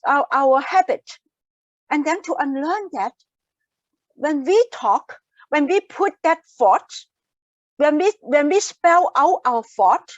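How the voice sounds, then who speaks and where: A woman's voice: sits high, no room sound, muffled recording. A woman presenting an online wellness workshop, talking earnestly and repeating key phrases for emphasis. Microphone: laptop mic on a video call.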